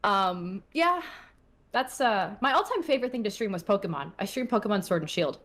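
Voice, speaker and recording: A woman's voice: mid-range voice, lively intonation, a little fast, a bit bright. A young adult woman chatting casually as an interview guest, full of filler words and self-deprecating asides. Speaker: guest, streamer.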